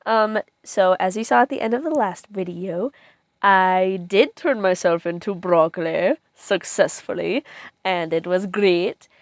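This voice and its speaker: A young woman talks through her vlog at an unhurried pace, giggling often and rambling with plenty of fillers. Her voice sits at an ordinary pitch for a woman. The recording is close and dry, with no room sound. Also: no room sound. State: tearful at times. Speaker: vlogger. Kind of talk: casual vlog chat.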